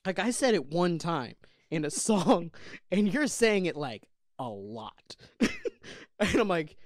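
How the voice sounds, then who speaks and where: A man's voice: high voice, big pitch swings, takes it slowly, no echo, clean studio sound. Rambling man podcast co-host. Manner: rambling, self-interrupting, laughs often. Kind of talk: casual comedic chat.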